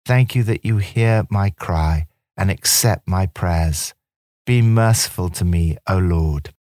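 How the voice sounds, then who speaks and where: A man presenting scripted devotional commentary in a gentle, earnest, encouraging way. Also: low-pitched, slow, no room sound, clean studio sound.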